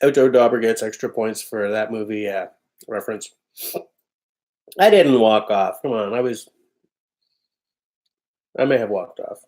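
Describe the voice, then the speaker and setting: Speaking in a lowish, slightly mellow voice at a measured pace with long pauses, a man hosts a livestream from home. He reads out viewer comments and chats in a relaxed, offhand style, frequently laughing.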